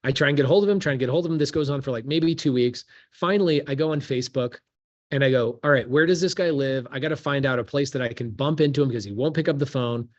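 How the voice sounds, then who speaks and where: A man with a middle-range voice tells a story with lively, animated energy, full of casual slang. He speaks in a relaxed podcast conversation as a real estate investor. The audio is a bit dull. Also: medium pitch, fast talker.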